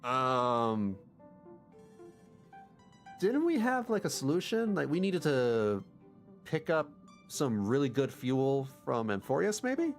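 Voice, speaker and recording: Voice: medium pitch, sing-song, slow, long pauses, faint music behind. A game streamer reacting casually and animatedly to a story game, often laughing. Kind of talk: livestream gameplay commentary.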